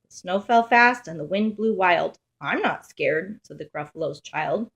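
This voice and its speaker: A woman reading a children's picture book aloud in a lively, sing-song rhyming way. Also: lowish voice, normal speed, vocal fry. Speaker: storybook reader.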